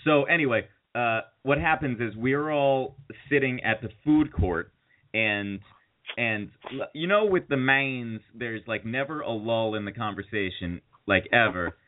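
A man's voice: mid-range voice, a little slow. Rambling male podcast host, tinny sound. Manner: rambling, laughing while telling stories. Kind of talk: casual chat, storytelling.

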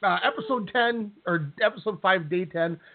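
A man's voice: high-pitched, moderate pace. A man co-hosting a podcast, chatting casually and jokily with lots of restarts. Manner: rambling, jokey, with many restarts. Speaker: podcast co-host. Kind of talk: casual chat recapping a reality show. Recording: tinny phone-like line.

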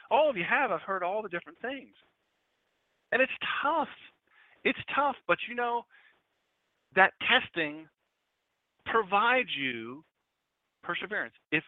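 Middle-aged male preacher, lively storyteller, thin lo-fi dry recording. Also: high voice, dry recording. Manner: storytelling, acts out quotes. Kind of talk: conversational sermon. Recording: tinny phone-like dry sound.

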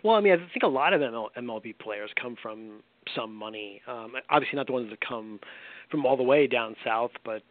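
A man's voice: mid-range voice, expressive, a little fast, no room sound. A man hosting a casual sports talk show, laughing often and restarting his words. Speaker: podcast host. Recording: tinny phone-line sound, dry.

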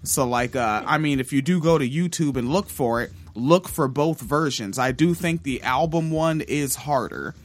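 Male podcast host, mid-pitched, loose and profane, lots of fillers, casual commentary. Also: lively intonation, moderate pace, few pauses, faint music behind. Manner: loose and profane, with many ums and uhs. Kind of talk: casual music-history commentary.

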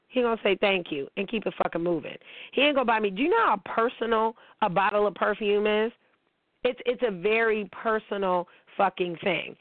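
A woman's voice: mid-range voice, no room sound. Blunt, profane woman on a tinny line. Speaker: relationship advice host. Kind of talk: casual monologue. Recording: tinny phone-like, dry sound.

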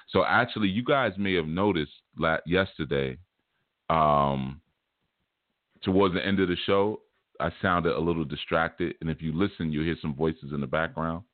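Male host, low voice, casual storyteller with animated quoted dialogue, phone-thin dry sound. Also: dry recording, narrow, tinny audio. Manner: relaxed storytelling, repeats "man", acts out quotes. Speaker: spiritual teacher and show host. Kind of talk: casual monologue.

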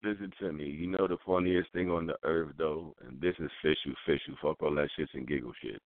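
A man's voice: rumbling low, fairly even intonation, brisk, no echo. A man co-hosting a call-in talk show, blunt and repetitive, talking in street slang. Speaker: co-host. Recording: tinny phone line.

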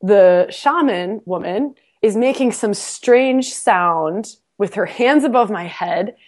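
Woman telling a lively personal story. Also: mid-range voice, takes it slowly. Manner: animated, self-mocking storyteller with frequent laughs; repeats words when restarting. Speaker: podcast guest. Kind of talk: storytelling in a casual interview.

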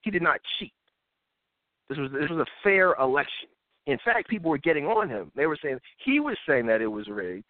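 A man's voice: fairly high pitch, a little fast, no room sound. A man hosting a live talk show, giving casual political commentary and slipping into impressions of others. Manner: animated, mimics others in voices. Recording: dry phone-like audio.

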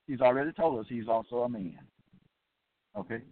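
A man teaching from the Bible in an emphatic, deliberate way, repeating his points. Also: medium pitch. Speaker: Bible teacher hosting an episode. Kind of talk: preaching Bible study. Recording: tinny phone-like, dry sound.

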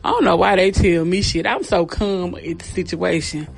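A woman hosting a comedy podcast, telling a family story in a profane, slangy, animated way while out of breath. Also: lowish voice, moderate pace, creaky, husky. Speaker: podcast host. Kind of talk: comic storytelling.

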